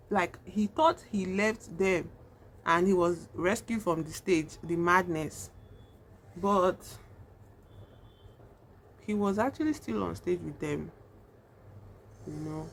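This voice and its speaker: Over slight background noise, a woman with a fairly low-pitched voice chats about a horror film while putting on makeup. Her vlog review rambles casually and is full of fillers, especially "like" and "you know."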